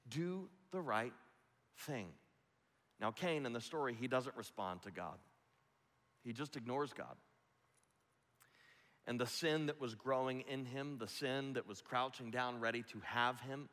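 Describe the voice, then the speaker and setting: Male pastor, sermon, emphatic conversational preaching, mid-pitched voice, long hall reverb. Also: a bit bright.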